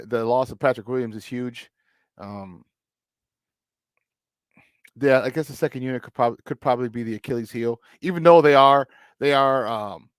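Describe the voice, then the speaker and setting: With a clear, resonant, medium-pitched voice, this Chicago-accented man hosts a sports talk show, emphatically repeating his points to drive them in. The studio recording is clean and dry.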